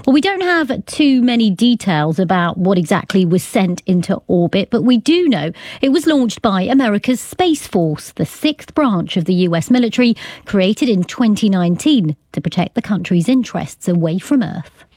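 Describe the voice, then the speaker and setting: A woman presenting a live radio news programme in a clear, conversational way from a studio. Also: medium pitch, sing-song, moderate pace, darkish tone, no room sound.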